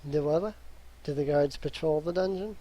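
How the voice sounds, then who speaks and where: Man, game master, dark mellow voice, slightly high pitch. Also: moderate pace. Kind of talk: running a tabletop game.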